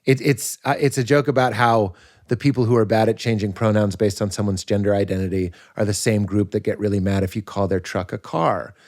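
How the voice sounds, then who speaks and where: A man, a comedian and podcast guest, talking casually in an animated, riffing way and laughing at his own points. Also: fairly low pitch, a little fast.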